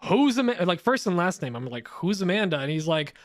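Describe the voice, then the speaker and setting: A man's voice: fairly high pitch, animated, brisk, dry recording, clean studio sound. A man co-hosting a woodworking podcast, teasing and laughing through casual banter. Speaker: podcast co-host.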